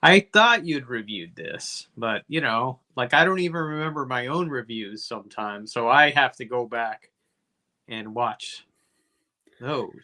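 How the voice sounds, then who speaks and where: A man with a bright, forceful voice recapping a film for a comedy podcast. He rambles, swears freely and keeps breaking off for jokey asides. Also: medium pitch, lively intonation, measured pace. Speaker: podcast co-host. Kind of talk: casual comedy movie review.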